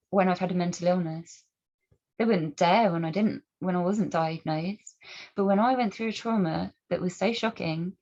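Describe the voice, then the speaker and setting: An earnest woman talks straight to camera at a middle pitch, asking pointed rhetorical questions. She often restarts her sentences as she goes. The recording sounds dull and a little lo-fi. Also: darkish tone. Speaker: campaigner speaking to camera. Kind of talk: personal commentary and storytelling.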